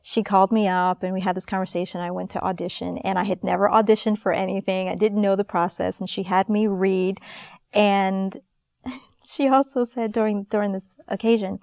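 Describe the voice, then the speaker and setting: A woman in her thirties, an actress guest in an interview, telling stories in a lively, animated way. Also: mid-range voice, normal speed, gravelly, no room sound, studio quality. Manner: lively, animated storyteller, laughs often. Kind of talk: casual storytelling in an interview.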